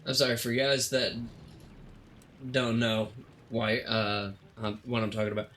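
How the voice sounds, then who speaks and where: A man's voice: on the low side, fairly even intonation, a little slow, fairly bright tone, soft background music. Exasperated man ranting at his rig. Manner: exasperated, dramatic complaining with many restarts. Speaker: streamer. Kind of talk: casual ranting vlog.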